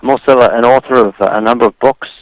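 A man's voice: medium pitch, steady tone, quick pace, no echo, poor audio. A man from New Zealand with a New Zealand accent, a radio interview guest who tells his story with dry humor.

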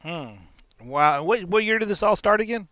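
A man's voice: high voice, expressive, normal speed, a bit bright, no room sound. A man hosting a radio interview, cutting in with short exclamations and prompting questions. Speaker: radio host.

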